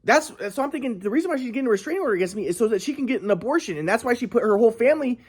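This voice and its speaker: Man, rambling first-person account, agitated and profane, lots of restarts, lively pitch. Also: very fast, husky. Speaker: storyteller.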